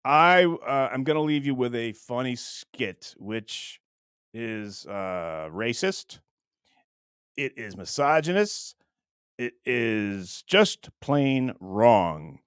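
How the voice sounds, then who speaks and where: A man's voice: medium pitch, very animated, slow, a bit bright, smooth, no echo. Middle aged guy rambling on his stream, crude jokes, voice jumps all over, dry close sound. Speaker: livestream host. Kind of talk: casual livestream chat.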